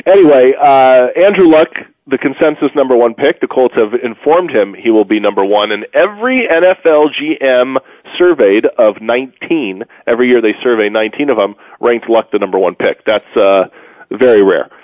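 A man's voice: medium pitch, expressive, moderate pace, no room sound. Guy hosting sports radio, rambly and jokey, tired, dry tinny phone-line sound. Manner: rambling, joking, with many fillers. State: tired from moving. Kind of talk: casual sports talk radio.

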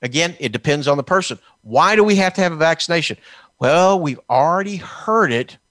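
A man's voice: on the high side, lively intonation, fairly quick, fairly bright tone, dry recording. Combative, sarcastic man from Texas. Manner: combative and sarcastic, mocking officials in put-on quotes. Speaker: political commentator. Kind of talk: heated political talk.

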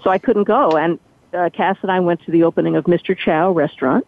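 A lowish-voiced older woman talks fast on a tinny, dry phone line without echo. As an interview guest and ex-entertainment reporter, she tells behind-the-scenes stories, vividly performing the quoted speech of others.

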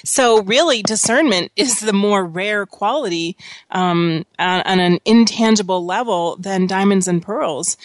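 A woman's voice: mid-range voice, a little slow, no room sound. A woman co-hosting a reflective talk show, speaking conversationally and quoting sayings. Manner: conversational, quotes sayings, light laughter. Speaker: podcast co-host. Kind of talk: reflective casual chat.

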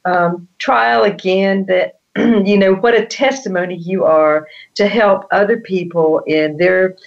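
A woman with a Southern US accent, a health coach being interviewed, warm and effusive. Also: medium pitch, fairly even intonation, unhurried, creaky. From Charlotte, North Carolina. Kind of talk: interview answers. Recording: dull lo-fi audio.

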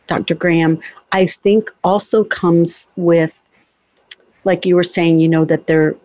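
This host talks in a casual, chatty way and slips easily into personal stories, with plenty of fillers. The voice sits at a middle pitch and is recorded with a very dry, close sound. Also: a little mellow, no echo, lo-fi sound. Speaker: podcast host, former ICU and bereavement worker. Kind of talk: casual interview conversation.

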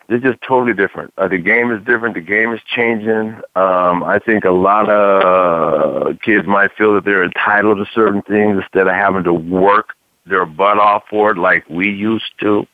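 Radio sports co-host, male, lowish voice, laid-back, thin phone-like sound. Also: no room sound. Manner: conversational, drawn-out, repeats "man". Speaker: sports talk show co-host, former football player. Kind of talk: casual radio sports talk.

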